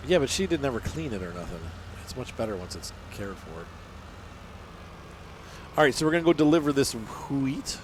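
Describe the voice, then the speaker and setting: A man's voice: medium pitch, big pitch swings, moderate pace, long pauses, a little hiss or hum. Chatty man narrating his gameplay. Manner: chatty, rambling, teasing banter. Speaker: gaming channel host. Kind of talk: casual let's-play commentary.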